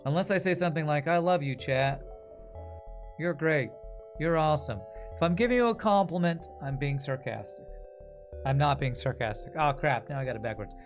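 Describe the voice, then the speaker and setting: This man's voice is fairly high and animated, and he talks fairly quickly. He's streaming a game and joking sarcastically with his chat as he plays, with game music in the background.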